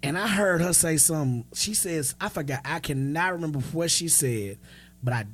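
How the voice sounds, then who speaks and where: A man in his thirties tells stories on a podcast in a lively, unfiltered way, voicing the people he quotes as he goes. His voice sits a little high for a man. He speaks casually, swearing freely. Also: normal speed. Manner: animated storyteller who acts out quoted dialogue; frank and profane. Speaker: podcast co-host. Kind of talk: casual storytelling chat.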